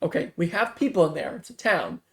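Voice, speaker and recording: A man voicing a calm adult male survivor guiding others to shelter, in a matter-of-fact way. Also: on the high side, a little fast, creaky, exaggerated voice.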